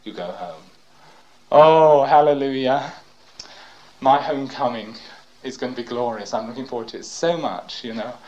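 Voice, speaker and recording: An older man preaching a sermon and reading scripture aloud. He talks fervently, breaks in with praise, and swings from loud cries to hushed tones. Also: mid-range voice, moderate pace, pauses often, lo-fi sound, a little hiss or hum.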